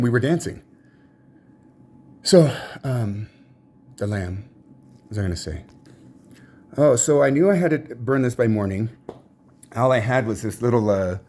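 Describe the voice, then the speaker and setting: A man telling a personal religious testimony in a rambling, halting way, full of restarts and trailing asides. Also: on the low side, a little mellow, husky. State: tired, emotionally drained. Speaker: religious teacher.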